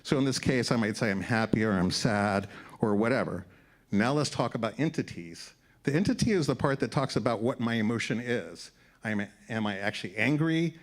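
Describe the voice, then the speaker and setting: A man's voice: fairly low pitch, expressive, a little fast. A man speaking as a conference presenter, explaining slides in an upbeat way to a live audience in an event room. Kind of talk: short-format tech presentation.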